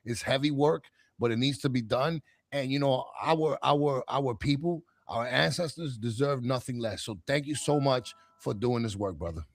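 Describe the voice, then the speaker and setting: A male co-host with a gravelly voice, recorded dry and close. He talks fervently and sincerely to his guest. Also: medium pitch, normal speed, few pauses, no echo. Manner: heartfelt, fervent. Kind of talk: casual chat.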